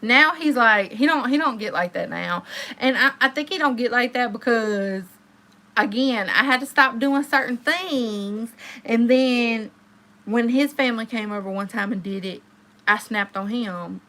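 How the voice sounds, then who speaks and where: Woman, young, livestream host; bright, slightly high voice, gabby storyteller with loud high-pitched outbursts. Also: unhurried. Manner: chatty, storytelling, swings into high exclamations. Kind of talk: casual livestream chat with viewers.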